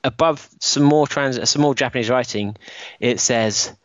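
A man's voice: medium pitch, measured pace, dry recording, lo-fi sound. A man, co-hosting a casual podcast with joking, playful banter. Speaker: podcast co-host. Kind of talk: casual chat.

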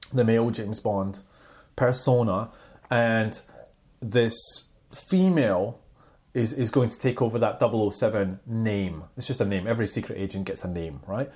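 A man cohosting a casual banter podcast, animated and quick to laugh, hopping between topics. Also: mid-range voice. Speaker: podcast co-host.

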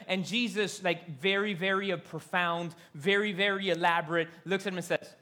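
Male pastor, very high bright voice, fervent, repetitive preaching. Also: normal speed, few pauses. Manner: fervent, repetitive, shifting to whispers for emphasis. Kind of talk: sermon.

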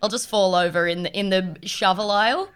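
A woman's voice: mid-range voice, a little fast, a bit bright, smooth. A woman in casual chat, playful and jokey, laughing and swearing.

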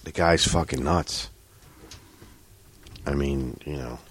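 A man's voice: very deep voice, slow, breathy edge. A man telling a rambling story in casual chat, swearing freely.

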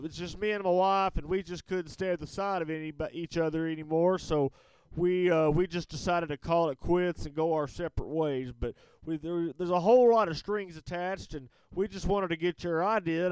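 A man's voice: a little high, darkish tone, smooth, dry recording, lightly acted. A man playing a brash, rambling rich caller going through a divorce, speaking in a put-on Southern drawl with crude, folksy boasting. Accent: fake Southern American drawl. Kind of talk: comedic prank call-in sketch.

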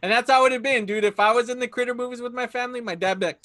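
A man's voice: extremely high pitch, very fast, pushed and bright, dry recording, studio quality. A young man telling stories in a casual chat, laid-back and full of fillers. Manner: laid-back storytelling with lots of fillers and Spanish phrases.

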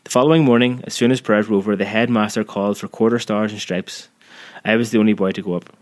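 A man narrating a story in a measured, vivid storytelling manner. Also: lowish voice, steady tone. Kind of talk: scripted audiobook narration.

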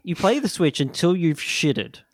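Higher-pitched playful man. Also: animated, unhurried, no room sound. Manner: playful, hums tunes. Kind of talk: comedy podcast chat.

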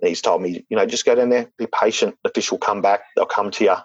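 Husky man telling a story. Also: fairly low pitch, quick pace, dry recording, muffled recording. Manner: rambling, lots of "like" and "um", restarts. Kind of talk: casual spoken anecdote.

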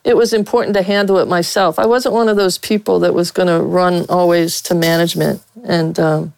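A woman's voice: on the low side, steady tone, a little fast, creaky, a little mellow, no echo, poor audio. A middle-aged woman from Pittsburgh, a veteran sportswriter, telling frank stories with a blunt, candid manner as an interview guest.

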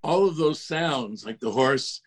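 Husky older man telling animated stories. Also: medium pitch, measured pace. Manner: animated storyteller, mimics voices, laughs at himself. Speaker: guest, music producer. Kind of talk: casual storytelling interview.

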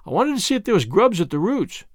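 A man's voice: sits high, sing-song, fast talker, dry recording, studio quality. A man voicing a scruffy, mischievous little boy with folksy, slangy talk in a storybook reading. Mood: earnest.

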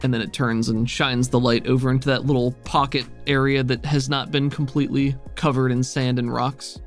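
Relaxed male game master. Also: medium pitch, moderate pace, faint music behind. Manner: relaxed, descriptive, with frequent fillers. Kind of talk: narrating a tabletop game.

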